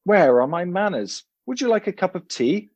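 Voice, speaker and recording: A man's voice: high-pitched, very animated, normal speed, a little mellow, no echo, lo-fi sound, voice pushed up. A man voicing a fussy, prim elderly English professor with a clipped English accent. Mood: huffy. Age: older.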